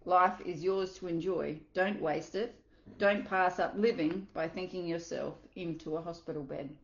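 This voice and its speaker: A woman reads a self-help book aloud in a slightly low voice, earnest and unpolished, slipping now and then and adding her own asides. The sound is roomy and a little dull, like a simple home recording. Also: fairly even intonation, moderate pace. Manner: earnest, with small slips and asides. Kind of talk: reading aloud with commentary.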